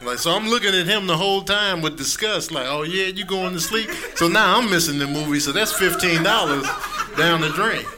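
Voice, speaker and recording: A man in his thirties doing an animated stand-up comedy set on a club stage, acting out other people's voices. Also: a little high, a little fast. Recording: live recording with audience noise.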